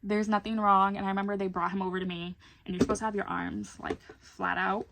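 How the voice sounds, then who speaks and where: Young woman vlogger doing a storytime, gravelly voice, chatty and blunt, curses here and there. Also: mid-range voice, little pitch movement, quick pace, noisy background. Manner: candid and chatty, swears casually. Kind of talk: casual storytime vlog.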